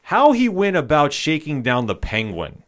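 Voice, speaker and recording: A man's voice: fairly high pitch, huge pitch swings, moderate pace, fairly bright tone. A man hosting a casual film discussion podcast, steering the talk and putting questions to his co-hosts.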